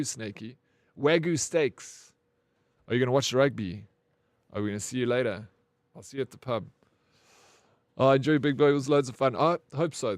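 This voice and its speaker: A man's voice: medium pitch, darkish tone, no room sound, studio quality. A man, streaming and chatting casually with viewers, rambling with lots of "bro" and casual swearing. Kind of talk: casual stream chat, reading chat aloud.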